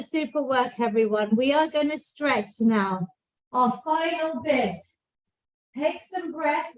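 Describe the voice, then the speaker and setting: A woman's voice: high voice, roomy sound, far from the mic, poor audio. A woman fitness instructor coaching a live workout, encouraging and cueing each move, out of breath at times. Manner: encouraging, counting out cues.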